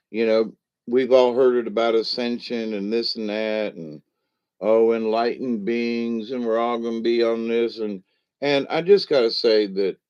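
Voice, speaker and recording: A man's voice: mid-range voice, a little mellow, clean tone, dull audio. Rambling folksy man on a livestream. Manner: rambling, folksy, reacting to chat. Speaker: livestream host. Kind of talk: casual late-night chat.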